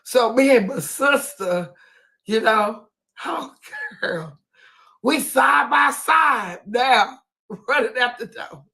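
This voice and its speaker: A woman telling a comic story in a persona, animated and dramatic, repeatedly exclaiming and swinging between loud outbursts and hushed asides. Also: a little high. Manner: animated, exclaims "oh, girl" over and over.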